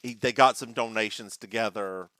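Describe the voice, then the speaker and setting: A man's voice: normal speed, bright, forceful tone, no echo. A man co-hosting a podcast, chatting casually and campily about an old sitcom episode. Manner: campy, jokey, bursts into falsetto singing. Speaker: podcast co-host. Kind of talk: casual recap chat.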